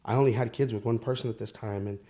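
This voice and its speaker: A man telling his own life story as a podcast guest, candid and halting, with many fillers and restarts. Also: lowish voice, fairly even intonation, warm tone. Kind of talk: personal storytelling.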